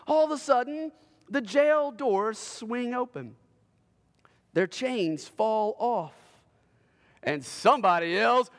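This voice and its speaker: A man preaching a sermon as a pastor, telling a story dramatically and swinging between loud bursts and hushed lines. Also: extremely high pitch, expressive, slow pace, long pauses, big-room sound. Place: church sanctuary.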